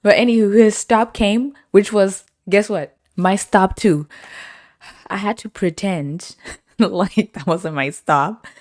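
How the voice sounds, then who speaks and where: A woman's voice: mid-range voice, slow, no room sound, clean studio sound. A young woman hosting a podcast, telling casual stories with frequent laughter and acting out what other people said. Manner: animated, laughs often, acts out quoted voices. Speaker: podcast host. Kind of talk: casual storytelling.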